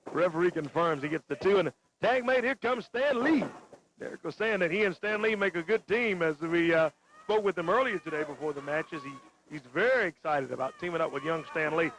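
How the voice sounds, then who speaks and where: A man calls a wrestling match with excited exclamations. His voice is very high. The audio is hissy and lo-fi, like an old TV broadcast. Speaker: play-by-play announcer. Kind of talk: wrestling play-by-play. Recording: noisy lo-fi TV broadcast.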